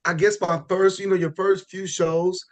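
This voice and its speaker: A man talking as a podcast guest in a relaxed, rambling way, often restarting his sentences. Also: high voice, normal speed. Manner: relaxed, rambling with frequent restarts and "you know". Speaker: podcast guest, pro bodybuilder. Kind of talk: casual podcast chat.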